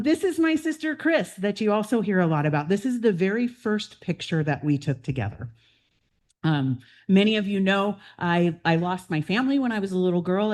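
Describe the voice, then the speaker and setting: A woman in her fifties, president-elect of a club, talking casually and warmly through family photos at a meeting, with frequent "um"s. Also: lowish voice. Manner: chatty and heartfelt, with fillers and laughs. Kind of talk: personal slideshow talk to a club meeting. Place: meeting room.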